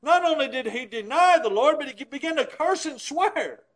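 Preacher guy, pretty high voice, folksy, gets loud then drops way down low. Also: animated, a little fast, poor audio. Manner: folksy, swings between loud emphatic bursts and low quiet asides; chuckles at his own points. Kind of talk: sermon.

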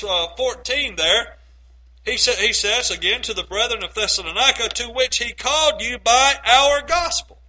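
A man preaching a sermon, quoting scripture and swinging between loud, emphatic phrases and low, quiet asides. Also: low-quality recording.

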